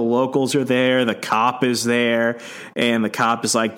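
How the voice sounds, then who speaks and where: A man's voice: medium pitch, measured pace. Man recapping a comic on a podcast. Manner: animated storytelling with acted-out voices. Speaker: podcast co-host. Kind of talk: casual comic book recap.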